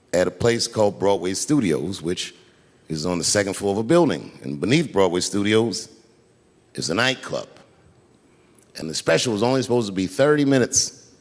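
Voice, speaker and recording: Animated male stand-up comic in a hall. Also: lowish voice. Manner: animated, profane, acts out characters in the story. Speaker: stand-up comedian. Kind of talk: stand-up storytelling. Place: large theater stage before a live audience.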